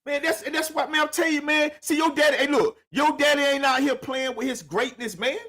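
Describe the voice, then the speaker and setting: A man's voice: very high voice, brisk, pushed and bright. A middle-aged man hosting a casual talk show, emphatic and repetitive, lecturing his guest with plenty of profanity. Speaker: podcast host. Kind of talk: casual chat.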